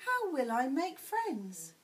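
A woman voicing a shy, lonely little boy elephant calf for a storybook, speaking in a high, hopeful, timid voice. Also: huge pitch swings, slow, exaggerated voice.

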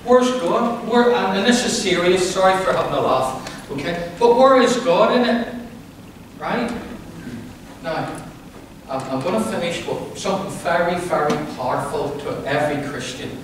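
A male pastor preaching a lively sermon, playful and calling on the congregation to answer back. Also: high-pitched, normal speed, slight background noise. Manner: playful, with call-and-response to the congregation. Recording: very echoey hall, voice from far off.

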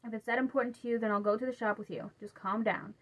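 A woman's voice: a little high, fairly even intonation, quick pace, lightly acted, low-quality recording. A woman reading the lines of a sleepy, irritated teenage girl, drowsy and fed up, close to her own voice. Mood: exasperated. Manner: drowsy mumbling, then exasperated.

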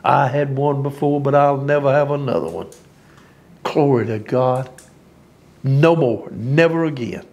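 A man's voice: mid-range voice, moderate pace, gravelly, hardly any pauses, darkish tone. A man preaching an informal sermon, folksy and emphatic, often laughing at his own lines.

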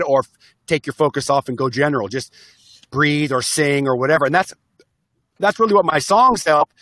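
A man's voice: fairly high pitch, moderate pace, pauses often, fairly bright tone, dry recording, clean studio sound. Upbeat man on a video call. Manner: enthusiastic, upbeat, acts out voices. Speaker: interview guest, self-help speaker and musician. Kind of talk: casual interview talk.

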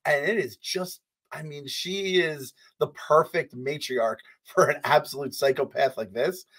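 A man co-hosting a podcast in casual chat, excitable and rambling, swearing freely with lots of fillers. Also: fairly high pitch, a little slow, slightly rough. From US Northeast. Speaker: podcast co-host.

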